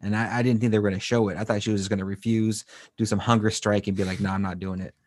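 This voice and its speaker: A man with a lowish voice chats casually as a podcast co-host, retelling an anime episode. He rambles and restarts with plenty of fillers. The sound is dry and close, with no room in it. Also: level tone, very fast, darkish tone, no echo.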